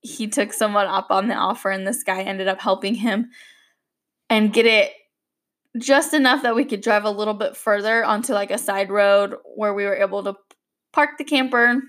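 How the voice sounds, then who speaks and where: A woman's voice: mid-range voice, steady tone, moderate pace, a bit bright. A young adult woman hosting a podcast, telling a story in a chatty, rambling monologue. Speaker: podcast host. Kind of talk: casual monologue.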